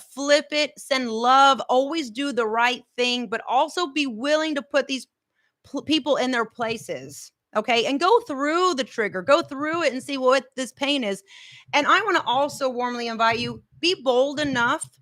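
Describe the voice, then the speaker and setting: A high-voiced woman coaching her listeners with bright, punchy energy. She is emphatic and keeps leading them through repeated mantras. She sounds middle-aged and talks in a motivational master-class style. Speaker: life coach.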